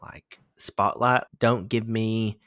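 A man's voice: lowish voice, level tone, slow, a bit bright, dry recording, clean studio sound. A young man co-hosting a podcast, talking in a loose, rambling way and swearing casually. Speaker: podcast co-host. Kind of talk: casual chat.

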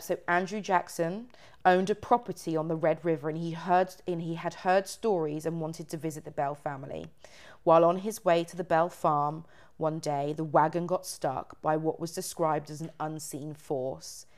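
Low-voiced woman telling a ghost story. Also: darkish tone. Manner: chatty, many fillers while retelling. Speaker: podcast host. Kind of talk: casual storytelling chat.

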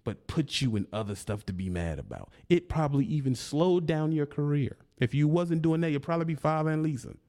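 A man's voice: a little high, expressive, a little fast, hardly any pauses, warm tone. A man on a video channel ranting at a rival, taunting and confrontational, with mocking laughs. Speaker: YouTuber. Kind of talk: heated rant at a rival.

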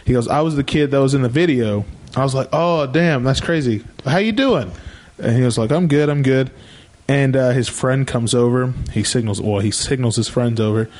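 A man's voice: medium pitch, brisk, a little mellow. Young man telling a rambling anecdote. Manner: rambling anecdotes with quoted voices. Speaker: podcast co-host. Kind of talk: casual storytelling chat.

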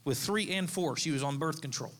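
A man's voice: a little high, a little fast, fairly bright tone, long reverb tail. A man in his thirties, a pastor, preaching a sermon in a conversational, storytelling way, with asides to the congregation. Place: church sanctuary.

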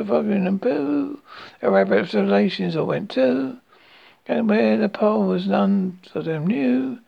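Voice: mid-range voice, gravelly, husky, highs cut off, heavily acted. A storyteller voicing a simple, cheerful little bear who sings his lines. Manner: sing-song, dreamy.

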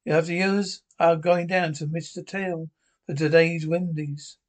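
A man's voice: fairly high pitch, fairly even intonation, a little slow, close to an everyday voice. A man playing a cranky old Glasgow pensioner. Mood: banter. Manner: bickering, crude banter. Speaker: sitcom pensioner. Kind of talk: broadcast sitcom acting.

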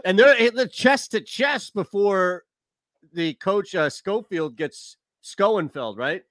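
A man hosting a casual sports talk show, rambling and animated. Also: high voice, slow pace, dry recording.

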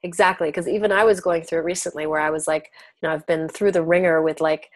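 Woman, 30s, podcast guest; lowish voice, chatty, acts out inner voices; dry close sound. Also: steady tone, fast, no echo. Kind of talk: casual spiritual conversation.

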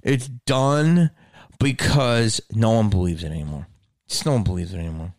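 Profane ranting man, gravelly voice. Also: lowish voice, moderate pace, darkish tone, no echo, studio quality. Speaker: podcast host. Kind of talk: solo podcast rant.

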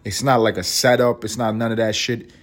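A man's voice: mid-range voice, fairly even intonation, brisk. A man hosting a podcast, talking in a rambling, profane, wry comedic monologue. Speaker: podcast host.

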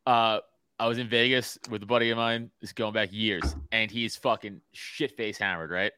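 A man's voice: fairly low pitch, steady tone, moderate pace, sharp tone, smooth, dry recording. A man hosting a casual podcast, rambling and laughing as he tells stories, with plenty of swearing. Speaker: podcast host.

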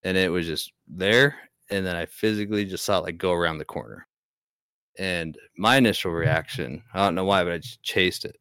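Deep-voiced young man telling a ghost story. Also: brisk, bright, forceful tone, clean tone, no echo, clean studio sound. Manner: rambling, hesitant, many restarts. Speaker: podcast guest. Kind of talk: casual storytelling.

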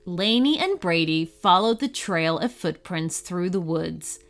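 Slow, expressive woman reading a storybook. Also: lowish voice, soft background music. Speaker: narrator.

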